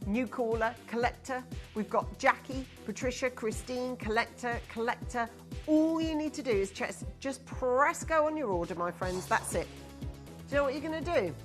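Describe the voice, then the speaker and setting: A woman presenting a live TV shopping show, chatty, upbeat and coaxing as she sells to callers. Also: on the high side. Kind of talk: live TV sales pitch. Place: TV studio.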